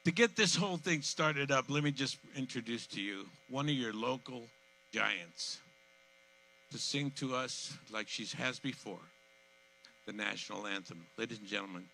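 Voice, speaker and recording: An eighty-year-old man addresses an outdoor crowd as master of ceremonies. His voice is very bright and sharp, moving from hushed to loud as emotion takes him, and he repeats himself. A faint hum sits under the microphone. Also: mid-range voice, moderate pace, creaky, low-quality recording. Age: 80s. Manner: heartfelt, repeats himself, swings from soft to loud. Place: outdoor community event.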